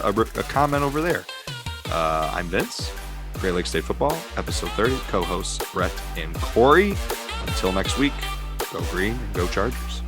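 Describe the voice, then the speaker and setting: A man with a Michigan accent hosting a podcast, rambling casually through stories and laughing at his own punchlines. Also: lowish voice. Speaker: podcast host.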